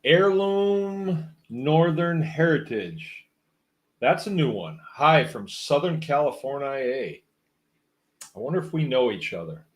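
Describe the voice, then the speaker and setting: A man's voice: fairly high pitch, expressive, unhurried. A man hosting a livestream, reading out viewer comments and musing in a rambling, wry, casual way. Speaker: host.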